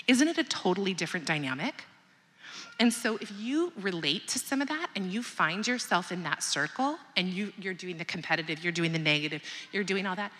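A woman's voice: mid-range voice, lively intonation, fairly quick, fairly bright tone. A woman in her thirties giving a candid, conversational motivational talk to a mothers' group, often asking the audience questions. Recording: long hall reverb.

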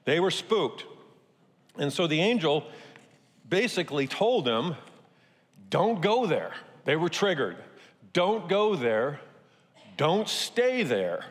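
A man's voice: a little high, long reverb tail. A male pastor preaching a conversational sermon, repeating key phrases and acting out quotes.

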